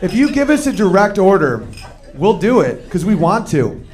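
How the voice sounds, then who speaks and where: Animated male stand-up comic, high-pitched. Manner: animated storytelling, quick shifts into acted-out quotes of men and women. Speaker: stand-up comedian. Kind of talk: stand-up comedy routine. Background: audience laughter.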